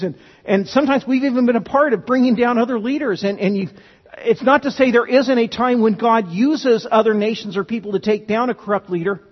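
Earnest high-voiced pastor in a reverberant hall. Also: male voice. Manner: earnest, emphatic, with frequent restarts. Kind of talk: sermon. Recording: dull, lo-fi sound with long hall reverb.

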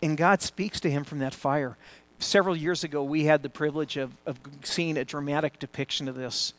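A man preaching a sermon to a familiar congregation, earnest and conversational, with frequent restarts, growing louder when he builds a point. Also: on the high side, steady tone, brisk. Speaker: pastor. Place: church before a congregation.

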